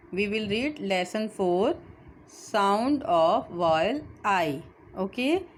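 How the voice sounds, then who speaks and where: A woman with a darkish tone teaches children phonics, speaking very slowly and deliberately. Her pitch swings widely as she spells each word letter by letter, then repeats it, over a faint hum of background noise.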